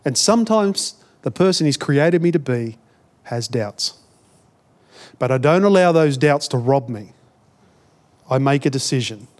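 A man's voice: mid-range voice, expressive, unhurried, pauses often, darkish tone. A man with an Australian accent, a pastor giving a conversational sermon, often repeating words as he builds a point.

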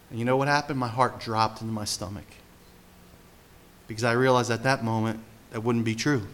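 A male pastor giving an animated sermon, swinging between hushed and loud delivery and often putting questions to his listeners. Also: medium pitch, brisk, pauses often.

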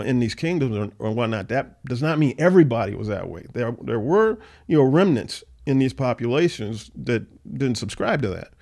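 A man leading an informal Bible study, reading scripture aloud and then explaining it conversationally, with frequent fillers and animated, mocking paraphrases of the people in the text. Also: mid-range voice. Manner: animated, acts out the scoffers' voices in a mocking tone. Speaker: Bible teacher.

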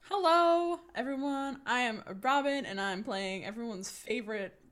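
A woman's voice: fairly high pitch, normal speed, fairly bright tone, clear, resonant tone. A woman with a New Zealand accent introducing her character casually, laid-back and self-mocking. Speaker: player.

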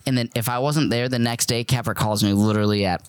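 A man's voice: medium pitch, steady tone, fast talker, smooth, dry recording. A man who is a guest on a podcast, rambling casually through a story and cracking jokes. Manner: loose rambling storyteller, joking. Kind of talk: casual chat.

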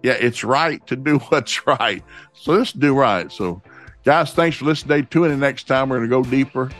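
A man teaching from the Bible in a homespun way, repeating each verse reference and reading scripture slowly. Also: medium pitch, a bit bright, soft background music. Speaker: preacher.

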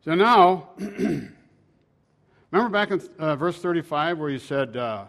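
Folksy, fairly high-voiced male preacher. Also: animated, unhurried, gravelly. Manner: conversational, folksy paraphrase with sharp swings in loudness. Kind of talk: sermon retelling scripture.

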